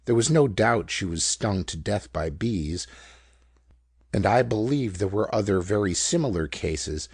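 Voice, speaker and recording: A man voicing an excitable male country doctor who answers in a flat, practical way and then breaks into loud disbelief. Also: on the low side, a little slow, husky, no room sound, studio quality, exaggerated voice. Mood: matter-of-fact. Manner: incredulous, exclaiming.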